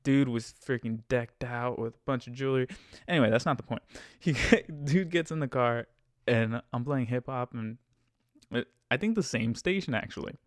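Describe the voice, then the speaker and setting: A man's voice: medium pitch, moderate pace, no room sound. A man rants his way through a driving story on a podcast, loose and profane, tripping over repeated words whenever he gets flustered. His voice sits in a middle register. It is recorded close and dry, with no room sound around it. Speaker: podcast host and rideshare driver. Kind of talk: casual storytelling rant.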